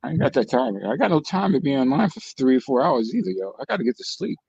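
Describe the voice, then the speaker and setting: A man telling lively stories in a casual online group chat. He swears freely, laughs a lot and mimics the lines of other people. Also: medium pitch, fast talker, vocal fry, husky, no room sound, muffled recording. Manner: animated storyteller, profane, mimics others' lines, laughs often. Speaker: channel host telling stories to co-hosts.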